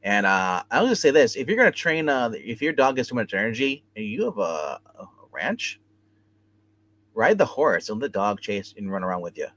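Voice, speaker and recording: A man's voice: lowish voice, sing-song, normal speed, a bit bright. A man co-hosting a casual chat show, rambling and joking with lots of fillers. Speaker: podcast co-host.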